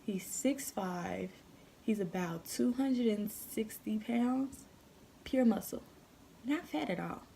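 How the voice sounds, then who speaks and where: A young woman telling a story on her vlog, animated and profane, full of slang. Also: mid-range voice, takes it slowly, creaky, slight background noise. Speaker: vlogger.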